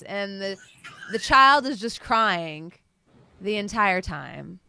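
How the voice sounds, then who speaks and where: A woman's voice: mid-range voice, a little slow, gravelly, bright, forceful tone, clear, resonant tone, no echo. A woman game master narrating a scene for her players in a playful, chatty way, laughing as she goes. Her voice sits mid-range and the recording is dry and close, with no room sound.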